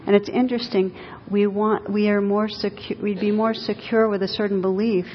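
A woman teacher giving a dharma talk, telling stories gently and with light laughter. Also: flat delivery, normal speed. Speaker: meditation teacher. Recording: dull lo-fi recording in an echoey hall with faint rumble.

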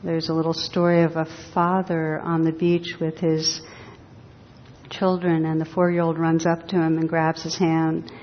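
A woman giving a dharma talk as a meditation teacher, speaking slowly and reflectively with touches of gentle humor. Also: level tone. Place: hall with a live audience. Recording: reverberant hall, dull sound, faint rumble.

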